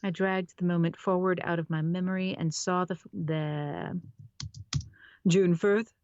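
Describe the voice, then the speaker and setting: A woman's voice: on the low side, fairly even intonation, a little slow, a little mellow, dull audio. A woman narrating a novel on a live stream, often stopping to re-read lines and laughing at her own slips. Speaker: audiobook narrator.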